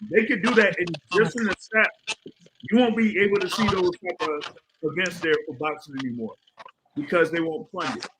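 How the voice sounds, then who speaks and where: A man's voice: high-pitched, bright, forceful tone, a little hiss or hum, low-quality recording. A man co-hosting a casual talk show, explaining at length with lots of fillers. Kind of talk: casual chat.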